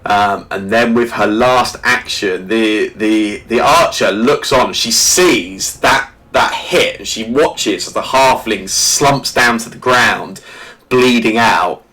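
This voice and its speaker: A man narrating a tabletop game as game master, halting often with "sort of" and restarts. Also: on the low side, bright, forceful tone.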